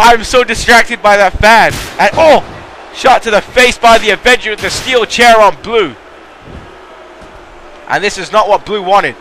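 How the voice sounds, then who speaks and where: A high-voiced man calls a video game wrestling match play by play. His tone is bright and sharp, and he gets excitable and swears casually as he talks. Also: slight background noise. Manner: excitable, mildly profane, breaks into laughs. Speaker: commentator.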